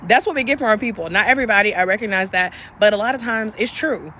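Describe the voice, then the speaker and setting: Hosting a live stream, a young woman talks fast in a mid-range voice, with a little hiss or hum in the audio. She's candid, emphatic, and full of profanity, shifting between passion and softness.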